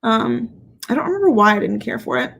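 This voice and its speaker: A woman's voice: fairly high pitch, animated, brisk, vocal fry, fairly bright tone, slightly rough. A woman hosting a casual livestream as a fragrance reviewer, speaking candidly and playfully, swearing freely and laughing often. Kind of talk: casual livestream chat, reading viewer comments.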